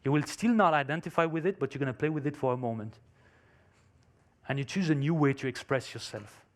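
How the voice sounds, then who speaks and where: His voice sits a little high and runs a little fast. A man whose first language isn't English tells a story in an emphatic motivational conference talk, with non-native phrasing.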